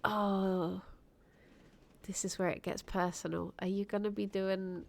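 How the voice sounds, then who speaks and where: A woman's voice: mid-range voice, little pitch movement, slow, vocal fry, darkish tone. A British woman streaming a game, reacting with giggly, teasing commentary. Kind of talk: let's-play commentary.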